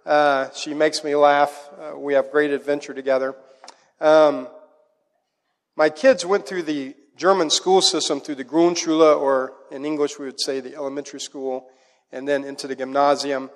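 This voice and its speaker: High-voiced male pastor in a reverberant hall. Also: moderate pace. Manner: animated storytelling, acts out a child's voice in quotes. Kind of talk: sermon with personal stories.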